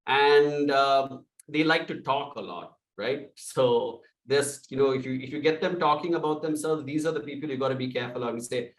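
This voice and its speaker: A man coaching salespeople, speaking loudly and with energy and acting out sample calls. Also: medium pitch, normal speed, reverberant, far from the mic, poor audio. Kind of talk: sales training talk.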